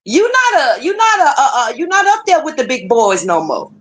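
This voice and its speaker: A woman host rants on a livestream in a heated, profanity-laced flow. Her voice is fairly high and swings widely in pitch as she presses her points. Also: very animated, normal speed. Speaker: streamer host. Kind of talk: profane ranting livestream talk.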